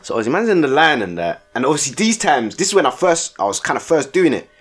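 A man's voice: a little high, very animated, fast, husky. A young man, co-hosting a casual podcast and telling stories in heavy slang, often laughing. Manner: slangy, laughs often, tags lines with "innit". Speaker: podcast co-host. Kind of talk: casual chat, storytelling.

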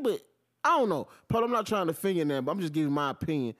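Forties man, podcast host, high animated voice, loud outbursts and low mutters. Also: fast talker. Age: 40s. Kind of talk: profane solo sports rant.

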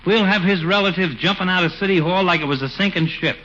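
A folksy, gossipy barber in a vintage radio comedy, urging a friend into a fight. His voice is bright and a touch high. The recording sounds dull and faintly hissy. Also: fast talker. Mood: egging on. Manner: folksy, egging on. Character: gossipy pushy male town barber. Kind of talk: 1940s radio comedy acting.

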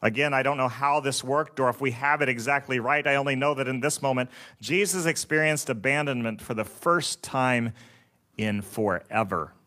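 Guy preaching, slow solemn scripture reading, mid pitch voice. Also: sharp tone. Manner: slow, solemn, measured delivery. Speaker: pastor.

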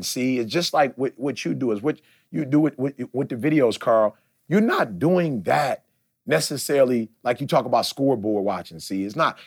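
A man's voice: medium pitch, gravelly, slightly rough. A man in his forties hosting a podcast, talking in an emphatic, preachy way and often asking "see?". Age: 40s. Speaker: podcast host. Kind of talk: casual podcast talk.

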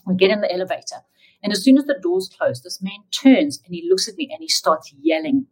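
A woman telling her personal testimony as an interview guest, in an emotional, animated way. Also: medium pitch, fairly quick, husky, low-quality recording.

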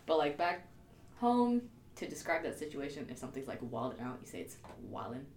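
A woman's voice: sits low, big pitch swings, a little fast, darkish tone. A young American woman from Maryland, co-hosting a podcast in casual chat, giggly and full of "like" and "um". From Prince George's County, Maryland, USA. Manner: giggly, lots of "like" and "um". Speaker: podcast co-host. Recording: echoey room with faint background noise.

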